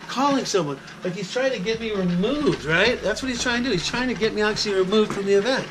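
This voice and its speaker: A man who works as a sports announcer, telling a story to the camera in a chatty, animated vlog style. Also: high-pitched, brisk, background noise. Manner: animated, chatty, talks straight to the viewer.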